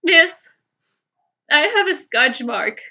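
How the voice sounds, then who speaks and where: A woman's voice: high voice, animated, slow, bright, forceful tone, dull audio, voice pushed up, heavily acted. A woman doing a tearful little boy. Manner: tearful, small pleading voice. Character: upset crying little boy of about five.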